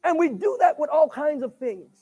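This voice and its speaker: A man preaching a sermon. He swings between shouted bursts and hushed asides, stuttering on repeated words and calling for replies. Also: very high voice, expressive, normal speed, faint music behind.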